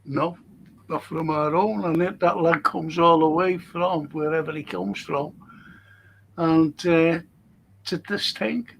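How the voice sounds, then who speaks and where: Slow, high-voiced man hosting. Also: a bit bright, slight background noise. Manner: jokey, laughs often, slow storytelling. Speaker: host and historian. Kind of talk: casual chat show, reading out listener messages.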